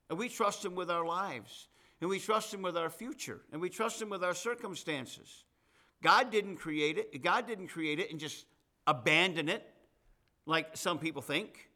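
Man, middle-aged pastor, sermon, bright forceful tone, slightly high voice, chatty asides. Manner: conversational preaching with asides and folksy humor.

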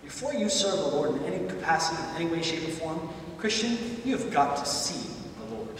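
A high-pitched man delivers a sermon, building his stories into loud, emphatic peaks. He sounds far from the microphone in a church sanctuary with a long, ringing reverb and a faint hum behind him. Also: brisk. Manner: animated storytelling, rising to loud emphatic peaks. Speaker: visiting preacher. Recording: echoey church hall, far from mic.

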